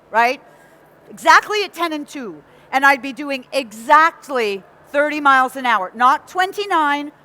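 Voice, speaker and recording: A woman from England with a North American accent, giving a lively motivational talk to a live audience and often asking them questions. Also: sits high. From Nottingham, England. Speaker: motivational speaker.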